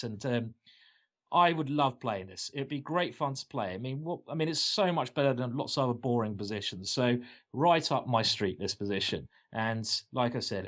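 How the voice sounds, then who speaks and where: A man's voice: medium pitch, fairly bright tone. Enthusiastic man explaining chess moves. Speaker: chess coach. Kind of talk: chess lesson.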